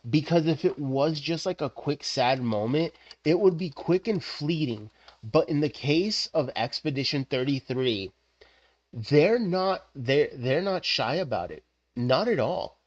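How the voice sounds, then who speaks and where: A man streaming live, chatting casually in an animated, rambling way with lots of fillers. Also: fairly high pitch, unhurried, dull audio.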